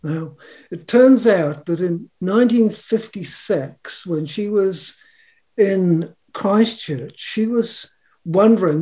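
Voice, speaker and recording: Slow, mellow New man in his seventies. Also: sits high. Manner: rambling, chuckling, acts out quotes. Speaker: trance channel telling his story. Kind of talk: casual storytelling.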